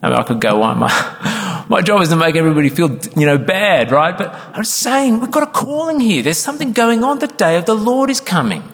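A man preaching a sermon as pastor, earnest and emphatic, sometimes acting out quoted congregation members. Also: high voice. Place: church. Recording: church hall with long reverb.

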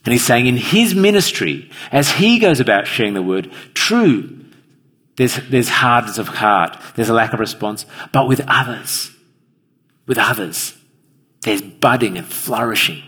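Husky-voiced preacher in a reverberant hall. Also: male voice, mid-range voice, animated, unhurried, a bit bright. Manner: earnest, asks the listeners questions directly. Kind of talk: evening sermon. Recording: long reverb of a large hall.

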